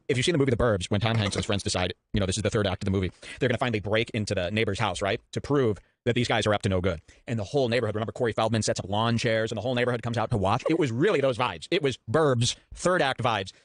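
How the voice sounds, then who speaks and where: A man's voice: fairly low pitch, rapid-fire, no echo, clean studio sound. A man hosting a podcast, telling a story in a rambling, sarcastic way over clips. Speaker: podcast host. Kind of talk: casual podcast commentary.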